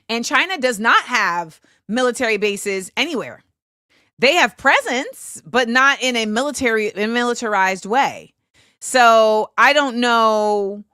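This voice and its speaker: A woman's voice: medium pitch, bright, forceful tone, smooth, no echo, clean studio sound. A woman hosting a livestream, reading viewer comments aloud and answering them in a blunt, opinionated way. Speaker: host.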